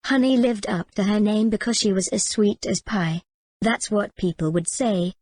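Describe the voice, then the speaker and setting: Woman narrator, audiobook reading, steady, clear, mid pitch, dry close mic. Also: normal speed, dry recording. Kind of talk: scripted storybook narration.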